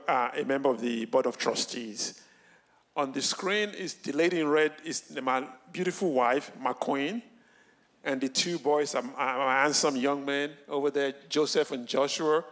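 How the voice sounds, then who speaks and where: A man's voice: mid-range voice, fairly bright tone. A middle-aged man, a church elder, introducing his family proudly and formally.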